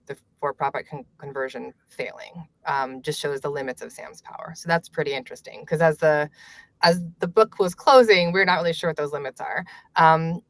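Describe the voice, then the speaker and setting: A woman author being interviewed, answering in a measured way with light laughs and frequent fillers. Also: low-pitched, no echo. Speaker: author and journalist guest. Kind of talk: conversational interview.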